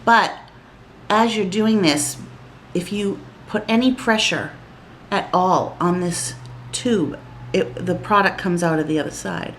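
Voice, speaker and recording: A woman's voice: lowish voice, measured pace, slight background noise. A woman vlogger chatting casually while applying makeup, rambling and getting giggly and flustered, recorded on a camera mic.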